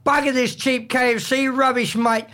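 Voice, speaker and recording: A man's voice: very high-pitched, little pitch movement, normal speed, bright, forceful tone. An Australian man bantering on a radio show, blokey and blustering, with "mate" at the end of nearly every line. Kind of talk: casual banter.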